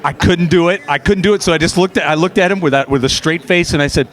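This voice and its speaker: A man's voice: fairly high pitch, quick pace, hardly any pauses, fairly bright tone. A middle-aged man in a casual interview, telling stories with many fillers and restarts, recorded outdoors at an expo. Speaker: guest, former steeplechaser.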